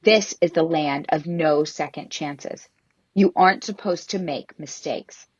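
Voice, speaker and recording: A smug, stern schoolteacher mocks her class in a raised, husky voice, as a woman reading a story puts her on. The recording is dry and a little muffled. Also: low-pitched, a little slow, no room sound. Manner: mocking. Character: smug strict female schoolteacher.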